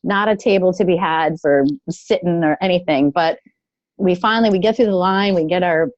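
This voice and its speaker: A woman telling a personal story in a casual, thoughtful way, pausing often with fillers. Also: on the low side, a little mellow, no room sound. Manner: thoughtful, halting, with many fillers. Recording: dull lo-fi, dry sound.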